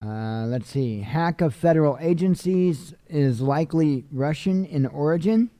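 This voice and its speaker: Male news-commentary host, weary and casual, warm dark tone, dry close recording. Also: fairly high pitch, unhurried, no echo. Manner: tired, yawning, offhand asides. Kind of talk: reading headlines with casual commentary.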